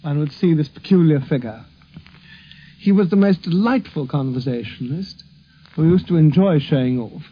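Brief: man, fond archival storytelling, slightly high husky voice, dull lo-fi recording. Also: lively intonation, moderate pace, slight background noise. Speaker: interviewee recalling childhood. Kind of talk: archival reminiscence.

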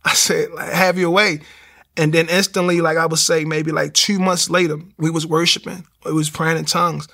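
A man tells his faith story in a casual interview. His voice is gravelly and bright and sits a little high. He acts out what people said to him. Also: normal speed. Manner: animated storytelling, acts out quotes. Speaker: guest sharing testimony.

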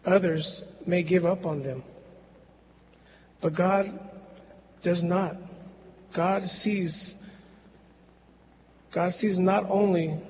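A man preaching a sermon in a slow, measured way with long pauses, in a church. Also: high-pitched, a little mellow, big-room sound, a little hiss or hum, rough recording.

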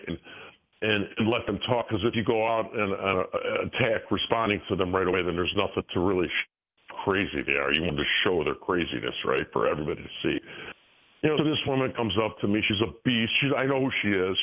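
A man in his sixties tells his stories in an animated rush, stumbling and restarting as he goes. His voice sits on the low side and comes through a thin, tinny phone line. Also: fast. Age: 60s. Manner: animated storytelling with frequent restarts. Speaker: guest. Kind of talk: casual interview talk.

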